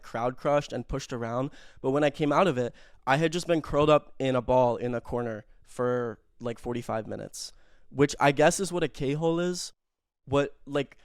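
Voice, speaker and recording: A man's voice: medium pitch, no room sound. Young man, casual rambling storytime, self-mocking, swears a lot, resonant voice, dry sound. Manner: rambling, filler-heavy, profane, self-mocking.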